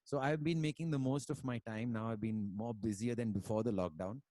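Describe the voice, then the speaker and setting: Speaking briskly in a mid-range voice with a crowd audible behind him, a male musician from India tells stories casually on a video call. He rambles, leans on fillers, and slips in Hindi words.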